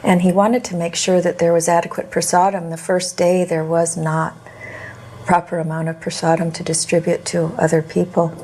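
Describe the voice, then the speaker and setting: Woman w a lowish flat voice telling what happened, calm and steady. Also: normal speed.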